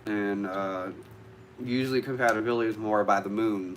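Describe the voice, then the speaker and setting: A man's voice: fairly low pitch, fairly even intonation, normal speed, slight background noise. A man vlogging casually to live viewers about witchcraft, chatty and easily sidetracked, swearing now and then.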